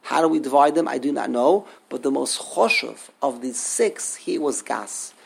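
A man's voice: medium pitch, lively intonation, moderate pace, vocal fry, breathy edge. A man teaching a text study class, thinking aloud, repeating words and asking rhetorical questions.

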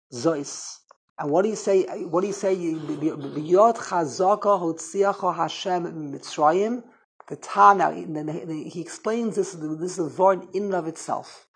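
A man teaching a rambling, animated Torah class on the Haggadah, full of Hebrew and Yiddish terms. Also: high-pitched, breathy edge, rough recording.

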